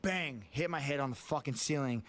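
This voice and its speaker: A man's voice: mid-range voice, normal speed, fairly bright tone. A man, a guest on a casual talk show, telling a vivid story in plain words and swearing often.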